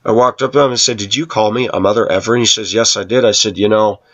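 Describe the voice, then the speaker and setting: A man's voice: lowish voice, steady tone, fast, a bit bright, dull audio. A man hosting his own channel, telling workplace stories in a sarcastic, rambling way. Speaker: YouTube channel host. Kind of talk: casual talking-to-camera monologue.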